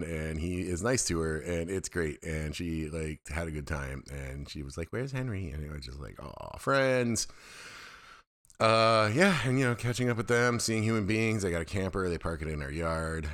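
A middle-aged American man with a very low, deep voice talks to his listeners in a relaxed solo podcast. His delivery is candid and rambling, full of asides and self-deprecating turns. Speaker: podcast host. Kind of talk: casual solo monologue.

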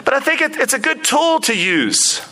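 Animated high-voiced male preacher. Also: moderate pace, rough recording. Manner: animated, conversational, acts out quotes. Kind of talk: expository sermon.

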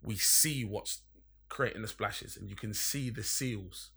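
Bright-voiced, sweary storyteller. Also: male voice, on the low side, measured pace, vocal fry, husky. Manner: rambling, sweary, emphatic. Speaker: podcast storyteller. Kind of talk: casual anecdote telling.

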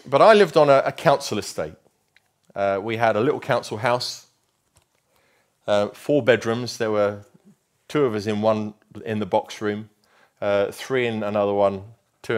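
A man delivers a sermon in a fairly low voice. He is emphatic and stretches out his key phrases slowly for weight. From England. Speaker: preacher.

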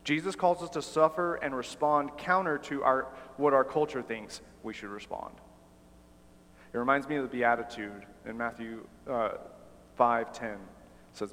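A man preaching a sermon in an animated way, often slipping into acted-out dialogue. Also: mid-range voice, moderate pace, in a large hall. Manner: animated, acts out quoted dialogue.

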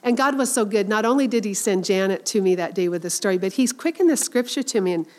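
A woman's voice: mid-range voice, fast talker, a little mellow. A middle-aged woman giving an informal Christian talk to women, earnest and chatty, with many fillers and restarts.

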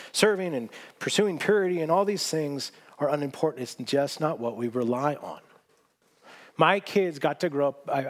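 A man preaching a sermon as pastor, earnest and emphatic, repeating key phrases and often restarting sentences. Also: mid-range voice.

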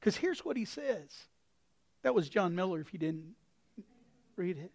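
Impassioned pastor preaching a sermon. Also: male voice, sits high, big pitch swings, unhurried, vocal fry. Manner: impassioned, breaks into sudden shouts; folksy, anecdotal.

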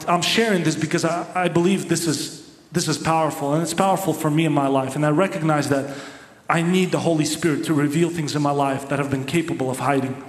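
A male pastor preaches in a high, ringing voice and drives his points home through emphatic repetition. His words carry a long reverb through a large church sanctuary. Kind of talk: sermon. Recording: echoey hall with long reverb.

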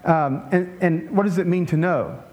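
A man preaching a conversational sermon in a relaxed way, with joking asides and frequent restarts. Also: high voice, moderate pace. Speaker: pastor.

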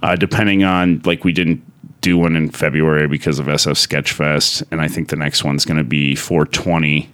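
Man, deep, smooth, rambling, casual, sweary. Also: level tone, normal speed, fairly bright tone. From Denver area. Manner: rambling, heavy swearing, many filler words. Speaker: comedian guest. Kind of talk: casual storytelling.

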